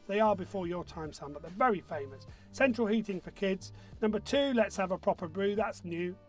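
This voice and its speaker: Quiz MC, male, high voice, banter-heavy, faint music underneath. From northern England. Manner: chatty, jokey, reads out scores briskly. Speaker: quiz host. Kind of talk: casual online pub quiz hosting.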